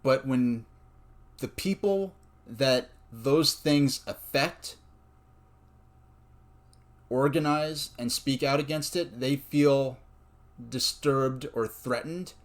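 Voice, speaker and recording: Man, personal commentary, slow and deliberate delivery, earnest, mid-range voice. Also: medium pitch. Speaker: video essayist.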